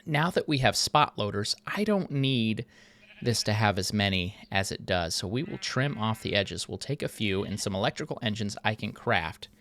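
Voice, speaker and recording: A man's voice: lowish voice, expressive, normal speed, a bit bright. A man hosting a game video, chatting casually and thinking aloud with a self-mocking tone. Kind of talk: casual gameplay commentary.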